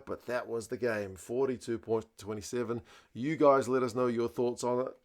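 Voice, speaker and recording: A young man hosting a casual rugby match review, chatty and conversational, using fillers and mild slang. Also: mid-range voice. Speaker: rugby channel host.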